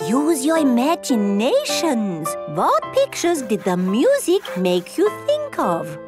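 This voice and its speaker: A woman voicing a gentle female gazelle music teacher in a children's cartoon, patient and encouraging with her class. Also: sits high, wildly swooping pitch, slow, heavily acted. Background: loud background music.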